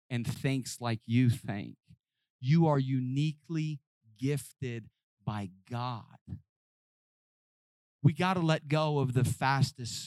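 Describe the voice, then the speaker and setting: A man preaching a sermon, acting out Bible scenes in voices and swinging from hushed, close talk to shouting. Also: mid-range voice, no echo. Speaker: pastor. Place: church hall with congregation.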